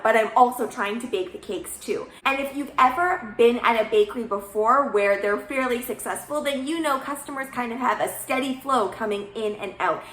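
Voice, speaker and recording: A young woman with a bright, ringing voice tells a story in a chatty, lively way, acting out the dialogue. Her voice sits a little high, and the room around her is echoey. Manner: chatty, animated retelling with quoted dialogue. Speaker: baker, channel host. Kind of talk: casual storytelling.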